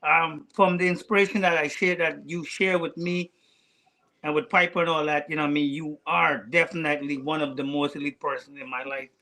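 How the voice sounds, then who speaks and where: A man speaking as a podcast guest, earnest and halting, with many fillers and restarts. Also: a little high, steady tone, pushed and bright, poor audio. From United States. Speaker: guest rider. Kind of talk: heartfelt casual conversation.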